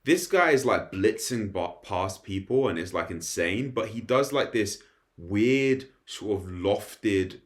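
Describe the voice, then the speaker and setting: A young man with a slightly low voice chats through an anime episode review. He rambles excitedly and keeps breaking into laughter.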